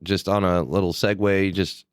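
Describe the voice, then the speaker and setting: A very deep-voiced man chatting casually on a podcast. He tells wry, exaggerated stories, and the sound is dry and close-miked. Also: fairly even intonation, moderate pace, clear, resonant tone, dry recording. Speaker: podcast co-host. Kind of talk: casual chat.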